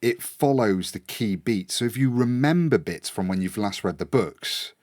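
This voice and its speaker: Low-voiced British man telling game stories. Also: moderate pace, dry recording, studio quality. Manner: animated storytelling with acted-out quotes. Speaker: podcast co-host. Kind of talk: casual chat.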